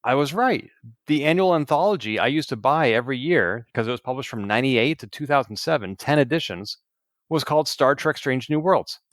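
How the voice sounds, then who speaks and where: A man's voice: mid-range voice, expressive, fairly quick, no echo, studio quality. A man co-hosting a podcast, chatting casually and rambling with restarts. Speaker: podcast co-host. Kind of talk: casual chat.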